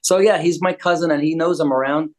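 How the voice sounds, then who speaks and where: A man's voice: fairly high pitch, fairly even intonation, a little fast. A joking older man from the United States, talking casually as a guest. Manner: joking, wisecracking. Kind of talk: casual chat.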